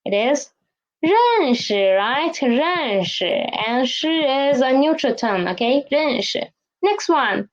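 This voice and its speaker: Woman, Chinese teacher, slow and deliberate, fairly high voice, muffled lo-fi sound. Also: big pitch swings. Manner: slow, questioning teacher talk with repeated drills. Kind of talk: online language lesson.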